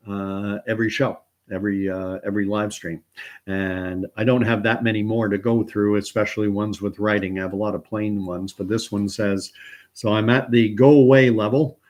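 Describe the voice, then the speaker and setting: A Canadian man in his fifties with a fairly low voice runs a casual live stream of news commentary. He rambles, using lots of fillers and chuckling often.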